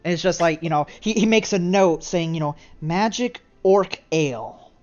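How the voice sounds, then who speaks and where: A woman game master narrating a tabletop session in quick, casual bursts. Her voice sits at an ordinary middle pitch and sounds dull and lo-fi, with faint music underneath. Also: a little mellow.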